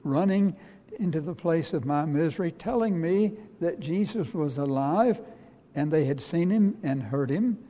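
A man preaching as the apostle Peter, a humbled middle-aged fisherman telling his own story in the first person, earnest and halting. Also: on the high side, dark tone. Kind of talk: dramatic first-person sermon monologue. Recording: long reverb of a large hall.

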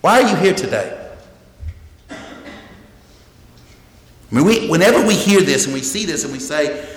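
Pastor: man, slightly high voice, earnest emphatic sermon, echoey sanctuary. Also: animated, moderate pace. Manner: earnest, emphatic preaching with repeated phrases and restarts. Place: church sanctuary. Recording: echoey hall with long reverb.

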